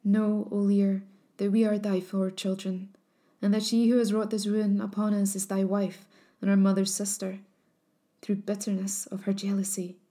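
A woman's voice: mid-range voice, flat delivery, moderate pace, mellow, natural voice. A woman reading as a grave young swan princess.

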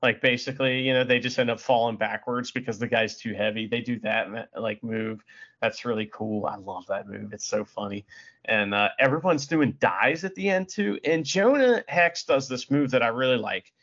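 A man's voice: medium pitch, moderate pace, a bit bright, dull audio. A man co-hosting a podcast, rambling with many fillers and plenty of enthusiasm. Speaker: podcast co-host. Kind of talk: casual chat.

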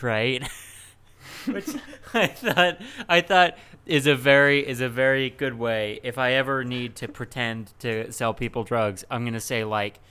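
A man's voice: mid-range voice, pushed and bright, smooth. A young man co-hosting a comedy podcast, rambling in a joking, self-deprecating way and swearing freely. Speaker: podcast co-host. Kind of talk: casual comedic chat.

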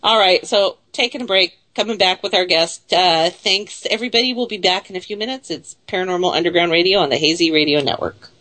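A woman's voice: lowish voice, bright, forceful tone. A woman from the Pacific Northwest with a Seattle-area accent, hosting a radio show in a playful, teasing banter. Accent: Seattle-area American English. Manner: teasing, playful, quick to laugh. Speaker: radio host.

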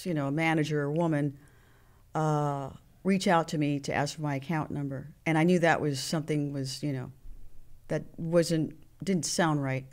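A woman speaking as an interview guest, in an earnest, halting way, with restarts as she gathers her thoughts. Her voice sits a little low for a woman, and she tells her story in a heartfelt, personal tone. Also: steady tone, a little mellow. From Mexican heritage.

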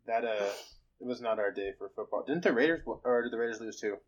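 A young man rattles along at a quick clip on a casual podcast. He teases the others with dry jabs. His voice sits at a middle pitch. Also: muffled recording. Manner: teasing, quick-witted. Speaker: podcast co-host. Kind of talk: casual chat.

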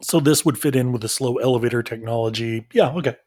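A playful man co-hosting a podcast, quick to laugh as he picks the plot apart in casual chat. He speaks at a middle pitch, recorded close and dry. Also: a little mellow, husky, no room sound. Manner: laughs often, playful, pokes holes in the plot. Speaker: podcast co-host.

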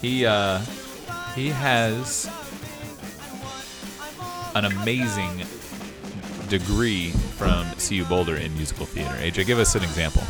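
Lower-voiced teasing male co-host. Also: unhurried, long pauses, over loud music. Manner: playful, teasing. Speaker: podcast co-host. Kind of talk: casual podcast banter.

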